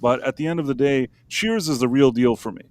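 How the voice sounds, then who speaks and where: Man, co-host, casual rambling live-stream chatter, mid pitch. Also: brisk, no room sound. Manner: rambling, joking, frequent fillers and restarts.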